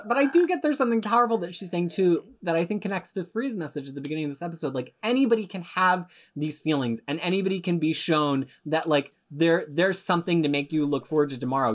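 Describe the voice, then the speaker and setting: A woman co-hosting a comics podcast with a slightly low voice. She talks with passion, often building into an indignant rant and swearing freely. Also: quick pace, hardly any pauses. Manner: impassioned, ranting, swears. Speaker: podcast co-host. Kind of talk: casual chat.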